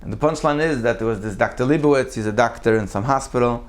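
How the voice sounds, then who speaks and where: Guy preaching, tells stories, voice jumps way up when he acts stuff out. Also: fast. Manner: animated, acts out quotes with big pitch jumps. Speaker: rabbi giving a Torah class. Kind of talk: sermon with storytelling.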